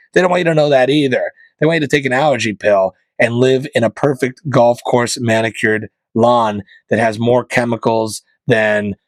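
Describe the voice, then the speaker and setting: A man's voice: medium pitch, no echo. A male comedian hosting his podcast, delivering a sarcastic, conspiratorial comic rant. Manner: sarcastic, conspiratorial, mocking voices of corporations.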